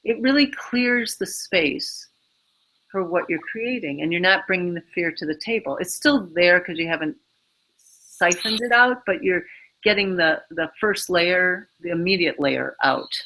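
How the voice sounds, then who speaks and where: A woman's voice: fairly low pitch, a little slow, sharp tone, rough recording. A woman being interviewed, giving casual advice in a rambling way, full of fillers and little acted-out bits of inner dialogue. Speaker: interview guest.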